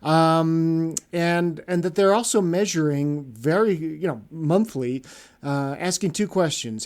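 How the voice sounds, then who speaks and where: A man co-hosting a podcast, talking with eager enthusiasm in a voice set a little high. He rambles through his thoughts, restarting sentences and leaning on easy fillers in a relaxed chat. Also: slow pace. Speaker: podcast co-host.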